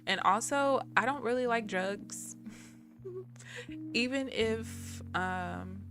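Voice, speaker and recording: A woman's voice: on the high side, lively intonation, extremely slow, long pauses, music in the background. A woman chatting casually and candidly on a live stream, laughing often.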